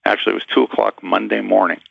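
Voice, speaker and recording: Man, low gravelly voice, lively storyteller, acts out quoted voices, dull dry lo-fi recording. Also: rapid-fire, dry recording. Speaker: guest. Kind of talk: storytelling interview.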